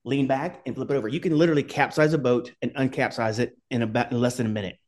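A man's voice: mid-range voice, fairly even intonation, fast talker, darkish tone. A middle-aged man, a podcast guest, telling rambling stories in casual talk, swearing and laughing along the way. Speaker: podcast guest, former Army skydiver. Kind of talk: casual storytelling.

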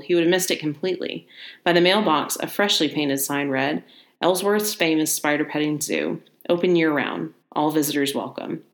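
A woman reading a short story aloud in a relaxed manner. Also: deep voice. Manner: relaxed, laughs easily between passages.

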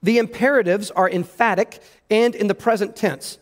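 A man's voice: high-pitched, fairly even intonation, moderate pace. A pastor preaching an earnest sermon, emphatic and repeating words as he stresses his points. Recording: long hall reverb.

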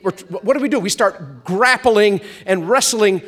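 A man preaching a sermon, stretching out words for emphasis and drawing responses from the congregation. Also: sits high. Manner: animated, drawn-out emphatic preaching with call-and-response. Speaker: pastor.

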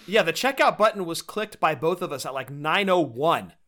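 A man's voice: on the high side, animated, normal speed, fairly bright tone. A man co-hosting a podcast, chatting casually and with enthusiasm about collectible figures. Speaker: podcast co-host. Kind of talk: casual chat.

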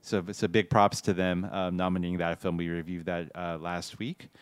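Male podcast host, casual chat, smooth resonant tone, deeper voice. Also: level tone, moderate pace, no echo. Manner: upbeat, laughs easily, reads out show plugs.

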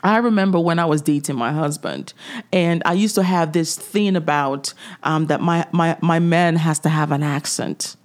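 Woman podcast host, faith talk, preachy and direct, laughs a bit, lowish voice. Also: moderate pace. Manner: preachy, direct, chuckling asides.

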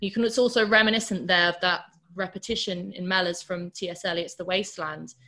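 A woman with a slightly low voice gives a relaxed, talky lecture on a novel. She moves easily between asides full of fillers and quoted passages read aloud with growing force. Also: a little fast. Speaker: literature lecturer.

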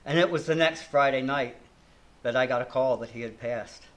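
A man's voice: medium pitch, moderate pace. An older man preaching a sermon in an earnest, reflective way, often restarting and letting his line endings fall.

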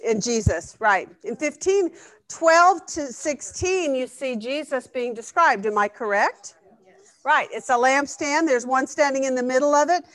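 A woman's voice: high-pitched, measured pace, fairly bright tone, no echo. A woman teaching a Bible study class in a conversational way, often asking the group questions. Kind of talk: interactive Bible lesson.

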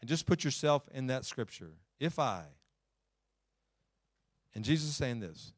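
A man preaching a sermon in church, folksy, climbing loud and then slowing down low to read scripture. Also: big pitch swings, no echo, studio quality. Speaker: pastor.

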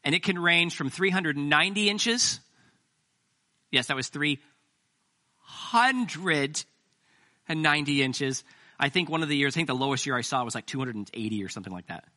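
A man's voice: on the high side, animated, normal speed, long pauses, bright, forceful tone. A man preaching a sermon as pastor, talking conversationally with self-deprecating jokes.

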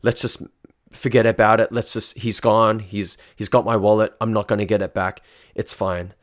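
A man's voice: fairly low pitch, flat delivery, normal speed, close to an everyday voice. A man quoting a brushing-off young woman. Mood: dismissive.

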